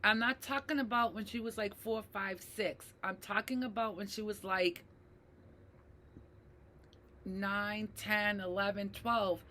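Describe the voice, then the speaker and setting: A woman talking earnestly to her viewers, reflective and slow to repeat key phrases, often checking in with "right?" and addressing them as "you guys". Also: medium pitch, fairly even intonation, bright, forceful tone, slight background noise. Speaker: mental health advocate. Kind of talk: personal talk to camera.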